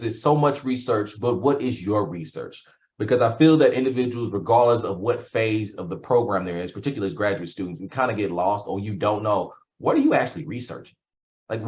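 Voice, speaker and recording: A man's voice: on the low side, lo-fi sound. A man giving a workshop presentation over a video call, talking conversationally with a sarcastic streak. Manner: conversational, uses sarcasm and analogies.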